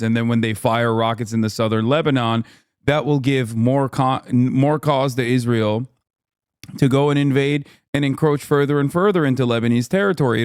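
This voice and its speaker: A man's voice: mid-range voice, dry recording, studio quality. A man streamer reacting to a debate clip with profane, sarcastic commentary. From Turkish-American.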